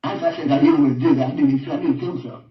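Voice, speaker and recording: An older man giving a halting personal account in an interview, repeating himself and often trailing off quietly. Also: a little high. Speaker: interviewed father. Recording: roomy, distant, dull audio.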